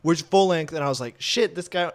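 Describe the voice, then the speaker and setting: A young man who is a guest musician, talking in a laid-back, halting way with many fillers and some swearing. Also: a little high. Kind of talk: casual chat.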